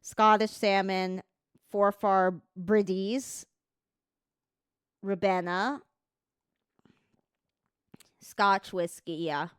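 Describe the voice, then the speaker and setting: A woman livestreamer in casual chat, reading text aloud at an unhurried pace. Her voice is smooth and clear, recorded close and dry with no room sound. She swears easily and trips over words as she reads. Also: mid-range voice, no room sound.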